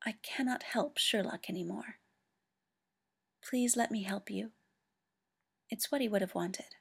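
A woman's voice: mid-range voice, animated. A woman doing Mycroft, cool and clinical. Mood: soft. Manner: measured and clinical. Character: cool, precise, aloof government man.

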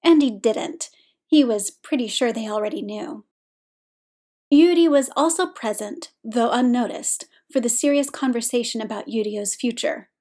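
A woman reading a story aloud in steady, scripted narration. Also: on the high side, normal speed. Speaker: audiobook reader.

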